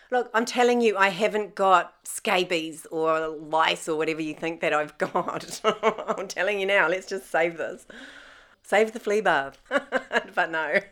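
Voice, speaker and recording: A middle-aged woman telling her own story in a lively way, laughing often and acting out the voices of people she quotes. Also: fairly low pitch. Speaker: interviewee. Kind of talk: personal storytelling.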